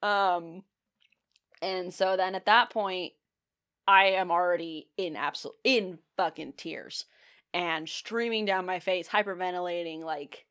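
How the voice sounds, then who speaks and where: Young woman, podcast guest, casual chat, animated storytelling, swears freely. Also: fairly low pitch, measured pace, smooth.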